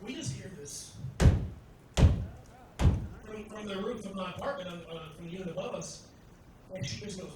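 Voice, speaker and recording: A man's voice: sits high, a little fast, long pauses, very echoey, far from the mic, noisy background. A man from Tennessee doing a crude, brash stand-up comedy set on a club stage, talking to the crowd between punchlines.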